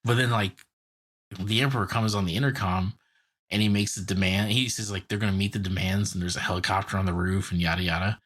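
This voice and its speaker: A man's voice: low voice, fairly even intonation, fast, fairly bright tone. A man co-hosting a podcast, retelling a cartoon episode in a loose, rambling way with lots of filler words. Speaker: podcast co-host. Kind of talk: casual chat recapping a cartoon episode.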